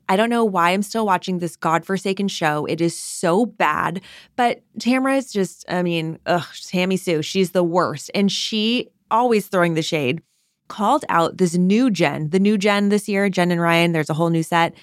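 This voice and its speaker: A young woman hosts her own podcast, chatting in a gossipy, opinionated way. Her voice sits a little low, and she jumps up in pitch to stress a point. The sound is close and dry, with no room echo. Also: normal speed. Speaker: podcast host. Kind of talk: casual solo podcast chat.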